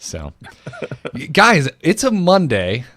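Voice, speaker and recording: A man's voice: on the high side, wildly swooping pitch, slow, a bit bright, slight background noise. A man with a slight Florida drawl co-hosting a gaming podcast, chatty and joking with lots of fillers. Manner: chatty, jokey, many fillers and restarts. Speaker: podcast co-host. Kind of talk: casual chat.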